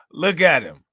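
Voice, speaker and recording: A man with a bright, forceful voice riffs on a news clip, laughing and mocking as he goes. The sound is dry and close, with a fairly high pitch for a man. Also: slightly rough, dry recording. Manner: loud, laughing, mocking banter. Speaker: show host reacting to a news clip. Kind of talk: casual reaction commentary.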